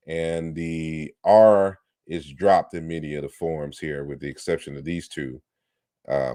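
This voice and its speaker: Man, very deep voice, lecturer, explanatory, combative edge, dry close sound. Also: darkish tone, no echo. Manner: explanatory, combative when challenging critics. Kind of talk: online lecture on historical linguistics.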